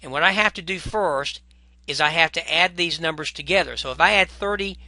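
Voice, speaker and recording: A man walks through a math lesson in a bright, gravelly voice with some vocal fry. He talks in a chatty way, corrects himself as he goes and adds apologetic asides. The recording is dry and close. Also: a little high, a little fast, no echo. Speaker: math teacher.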